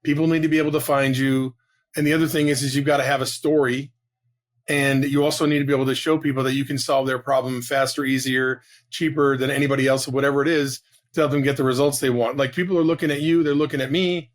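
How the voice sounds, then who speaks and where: A man in his fifties, a real estate agent guest telling his story in a casual interview, rapid and animated with many restarts. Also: mid-range voice. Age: 50s.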